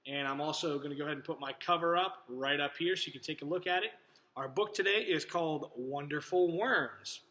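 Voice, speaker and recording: A male teacher giving a video lesson to young children, speaking in a clear, friendly voice straight to the camera. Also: a little high, a little fast, pushed and bright, rough recording. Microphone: camera in front of him.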